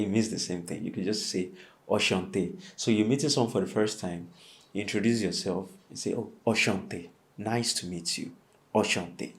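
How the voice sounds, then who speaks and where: A man teaching a French lesson, speaking slowly and repeating each phrase for learners. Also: lowish voice. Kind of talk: language lesson.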